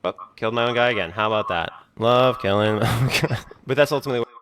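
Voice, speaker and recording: A man's voice: medium pitch, fast talker, fairly bright tone, slight background noise. A man talking in a rambling vlog monologue, full of fillers like "like" and "you know". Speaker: video creator being reacted to.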